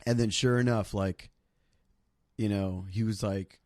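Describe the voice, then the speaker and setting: A man's voice: on the low side, steady tone, unhurried, a little mellow, dry recording, studio quality. A man hosting a casual podcast chat over drinks, rambling with plenty of swearing, fillers and restarts. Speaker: podcast host.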